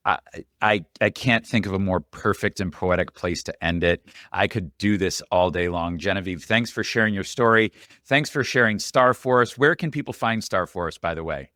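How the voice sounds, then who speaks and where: A man's voice: deep voice, normal speed, bright, forceful tone, no echo, studio quality. A man hosting a podcast interview, earnest and audibly moved by his guest's story. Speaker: podcast host.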